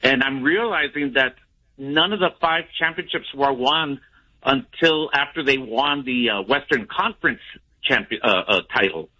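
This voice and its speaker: A man's voice: medium pitch, moderate pace, pushed and bright. A man calling into a sports radio show, rambling and restarting his sentences. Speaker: caller. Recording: dull phone-in audio.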